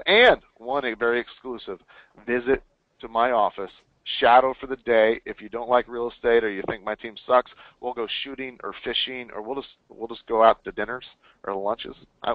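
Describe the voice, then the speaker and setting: A man's voice: mid-range voice, no room sound. Male webinar host, hyped salesy energy, thin phone-quality audio. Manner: energetic, hyped promotional delivery. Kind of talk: casual webinar chat. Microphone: call or webinar line. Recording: tinny phone-line audio.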